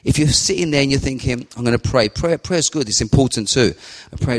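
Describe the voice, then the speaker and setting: Middle-aged male preacher, earnest and rambling, mid-pitched voice, long hall echo. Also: lively intonation, fast, vocal fry. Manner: earnest, rambling, acts out prayers aloud. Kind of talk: informal sermon.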